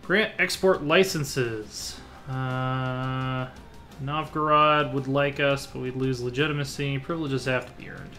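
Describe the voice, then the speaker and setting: A man narrates his own strategy game session in a casual, offhand way. He thinks out loud, restarts his sentences and mutters plans as he goes. His voice sits at an ordinary middle pitch, with faint music playing behind him. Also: steady tone, a little slow. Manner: thinks aloud while clicking through menus, muttering half-finished plans. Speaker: let's play host. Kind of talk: casual gameplay commentary.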